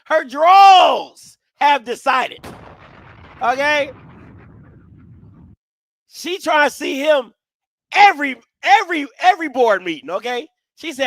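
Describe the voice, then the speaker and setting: A man's voice: extremely high pitch, very animated, slow, long pauses, fairly bright tone, dry recording, studio quality. A man hosting a live reaction stream, talking in a blunt, slangy, joking way with lots of energy. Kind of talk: casual live reaction commentary.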